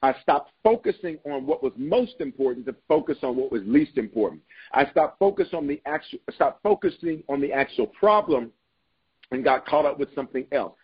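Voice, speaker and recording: Male bishop-preacher, slightly high husky voice, emphatic, repetitive call-outs; lo-fi recording. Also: animated, moderate pace. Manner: emphatic, repeats key lines, calls out to listeners. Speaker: bishop and leadership podcast host. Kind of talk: preaching leadership sermon.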